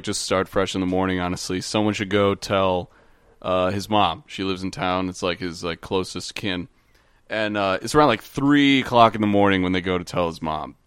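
Casting note: podcast host, low smooth male voice, rambling storyteller, dry mic. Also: a bit bright, no echo. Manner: rambling, many fillers and restarts. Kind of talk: casual storytelling chat.

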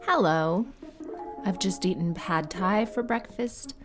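A woman's voice: fairly low pitch, expressive, slow, music in the background. A woman with a Canadian accent hosting a podcast, talking through a casual solo monologue in a chatty, wry way that wanders off on tangents. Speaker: podcast host.

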